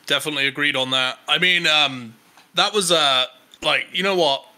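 A young English man hosting a podcast, telling a story in a loose, animated way with plenty of swearing and filler words. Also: a little high, normal speed. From England. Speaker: podcast host.

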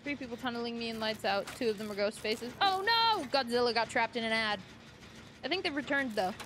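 A woman's voice: fairly high pitch, steady tone, quick pace, background noise. A young woman live-streaming a game, chatting casually, giggling and greeting her chat.

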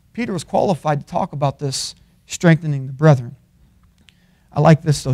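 A man preaching a sermon in a college chapel, swinging from loud, emphatic peaks to low, quiet asides.

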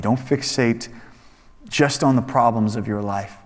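A man teaching a young adults Bible study in a casual, conversational sermon style, animated and acting out quoted voices. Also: medium pitch, a little slow. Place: church hall. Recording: echoey hall reverb.

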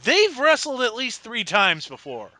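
A man hosting a wrestling podcast with a lively, swooping, very bright voice. He talks in an animated, sarcastic way, and the sound is dry and close. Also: extremely high pitch, unhurried, dry recording. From Scotland. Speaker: podcast host. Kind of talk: casual wrestling podcast chat.

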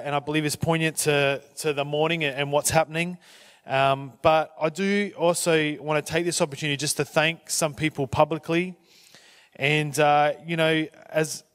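Halting, good-humoured male pastor. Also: a little high, a bit bright, clear, resonant tone. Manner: halting, with many fillers and restarts; self-deprecating humour. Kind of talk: church talk.

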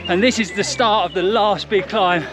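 A man's voice: high-pitched, normal speed, over music. A man recording an upbeat, chatty vlog outdoors on mountain trails as he runs a race. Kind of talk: on-the-run vlog commentary.

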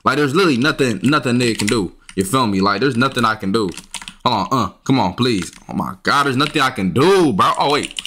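A man's voice: mid-range voice, expressive, a little fast, pushed and bright, slight background noise. A young man, giving casual gameplay commentary, frustrated and trash-talking, with sudden yelps when annoyed. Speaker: gaming YouTuber. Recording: faint keyboard and mouse clicks.

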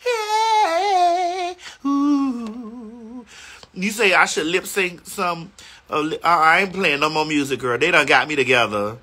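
A woman's voice: sits low, normal speed, sharp tone, a little hiss or hum. A woman hosting a casual phone livestream from a hotel room, sassy and playful as she chats back to viewer comments. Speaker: livestream host.

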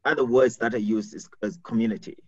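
A man's voice: mid-range voice, quick pace, husky, no room sound. A man from Africa, an executive coach speaking earnestly on a webinar panel, repeating words as he builds his points. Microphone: video call. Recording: dull video call audio.

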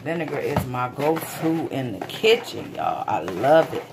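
Woman hosting a relaxed home cooking video, talking warmly and loosely to her viewers with the odd curse. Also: a bass voice, a little slow, very noisy. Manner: chatty, folksy, calls viewers sweet babies, swears casually. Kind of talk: casual cooking demonstration. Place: home kitchen.

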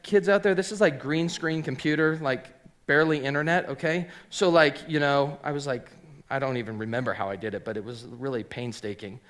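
A middle-aged man with a slightly high voice tells his life story as a shop owner. He talks with energy and puts on little voices for the people in his anecdotes. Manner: animated storyteller acting out quoted people. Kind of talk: storytelling talk.

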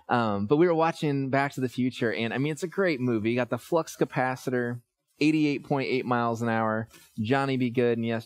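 Pastor, male, 30s, relaxed storytelling sermon, mid pitch, lots of "uh"s. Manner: conversational, storytelling with many fillers.

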